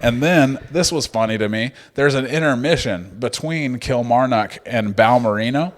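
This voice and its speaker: A man's voice: medium pitch, normal speed. A man, co-hosting a podcast in casual, jokey, swearing chat. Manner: jokey, swearing, animated retelling. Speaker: podcast co-host.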